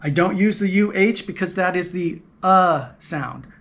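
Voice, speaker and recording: A man's voice: high-pitched, unhurried, a bit bright. A man giving a patient, explanatory language lesson, repeating key points and demonstrating sounds aloud. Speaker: language teacher.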